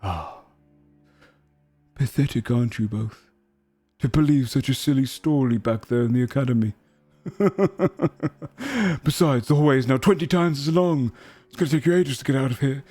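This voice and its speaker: A man doing sneering magic mirror heads with a dark, dry voice. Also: medium pitch, no echo, soft background music, natural voice. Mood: taunting. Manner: mocking, drawn-out insults.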